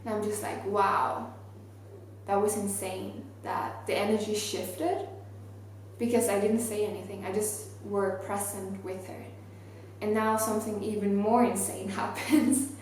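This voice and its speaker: A young woman who is not a native English speaker, telling a story to camera in an earnest, animated way with lots of "like". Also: medium pitch, a little slow. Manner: earnest, animated, many fillers like "like". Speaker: vlogger. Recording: very echoey space with faint ambient noise.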